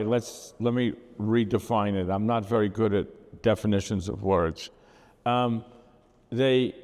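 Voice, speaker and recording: A man's voice: fairly low pitch, darkish tone, big-room sound. An older man with a Brooklyn accent talking bluntly about his photographs, rambling with asides and fillers. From United States.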